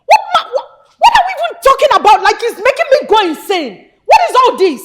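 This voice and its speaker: A woman's voice: very high voice, sing-song, full character voice. An actress with a Nigerian accent playing a fiery grown daughter who scolds her family after her father's death. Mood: furious. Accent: Nigerian English. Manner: scolding, sharp, rapid accusations. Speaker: actor. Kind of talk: Nollywood film acting.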